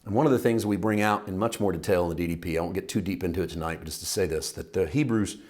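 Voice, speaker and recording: A man's voice: sits low, quick pace, darkish tone. A man teaching a Bible study lesson, talking in a conversational, emphatic way and asking his listeners questions.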